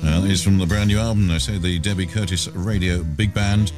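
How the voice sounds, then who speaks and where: A radio host with a low, steady voice talks a little fast over music. He chats casually on air with his guest, joking, teasing, and trading cheeky quips.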